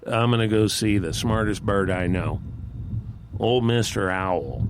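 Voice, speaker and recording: A man's voice: on the low side, a little slow, slight background noise. A man voicing a worried husband raven who talks in an anxious, hesitant way, telling a campfire fable. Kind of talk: live campfire storytelling.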